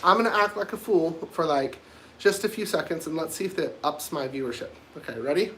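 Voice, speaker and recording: A man with a fairly high voice hosts a casual livestream, blunt and rambling. He talks straight to his viewers in a provocative way, with a faint noise underneath. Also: lively intonation, fairly quick, fairly bright tone. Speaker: livestream host.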